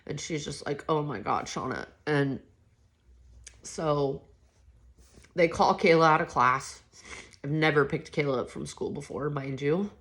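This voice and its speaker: A woman's voice: low-pitched, unhurried, long pauses, a bit bright. A woman telling a personal story from her own life in a casual, candid way, blunt and conversational. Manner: blunt and conversational, with frequent swearing and fillers. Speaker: memoir author recounting her life.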